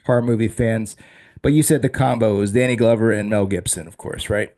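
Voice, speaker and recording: A man hosting a casual chat show, talking in an excitable, rambling way with quick restarts. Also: lowish voice. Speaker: host.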